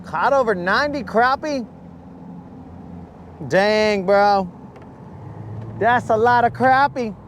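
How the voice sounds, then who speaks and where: High-pitched man, fishing livestream host, slangy and hyped, outdoors on a boat, faint background noise. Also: slow pace, long pauses, fairly bright tone. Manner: hyped, slangy, talks straight to chat. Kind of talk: casual livestream chat to viewers.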